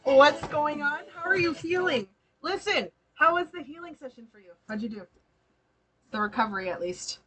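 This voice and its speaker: A woman's voice: high-pitched, expressive, moderate pace, a bit bright, soft background music. A woman giving tarot readings on a live stream, chatty and slangy, laughing often as she talks to her sitters. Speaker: tarot reader and spiritual healer.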